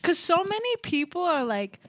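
A woman co-hosting a podcast in casual chat, loud and joking, laughing often. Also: extremely high pitch, big pitch swings, normal speed, no echo, clean studio sound. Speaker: podcast co-host.

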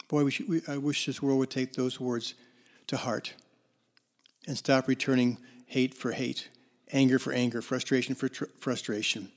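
A man's voice: mid-range voice, level tone, moderate pace. A male counselor telling parables in a conversational talk, with fillers and restarts. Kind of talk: storytelling talk on forgiveness.

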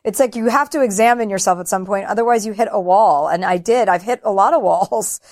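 A woman's voice: mid-range voice, brisk, darkish tone. A middle-aged woman, a comedian and former talk show host, talking bluntly and openly about her feelings in an interview, often poking fun at herself. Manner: blunt, self-deprecating, open about feelings. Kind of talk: candid interview conversation.

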